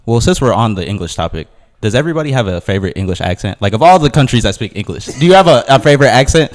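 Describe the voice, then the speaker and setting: Easygoing podcast host with reverb. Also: male voice, mid-range voice, sing-song, racing. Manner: easygoing, agreeable, asks questions. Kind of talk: casual podcast chat. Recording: long room reverb.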